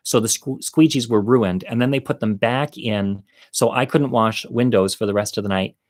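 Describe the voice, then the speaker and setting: A man telling a personal story, animated and swearing freely, acting out his own shouting with sharp jumps in pitch.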